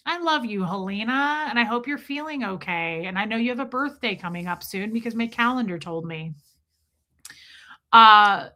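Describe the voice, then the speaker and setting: A woman's voice: medium pitch, pushed and bright. A woman hosting a casual live stream, greeting viewers by name, self-mocking and laughing often. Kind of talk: casual live chat reading viewer comments.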